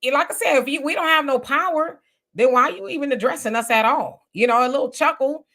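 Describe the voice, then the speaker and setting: A woman co-hosts a casual live stream, reading viewer donations and messages aloud between loose remarks. Her voice sits high and sounds bright and clear. She talks in an easy, conversational way. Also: fast talker.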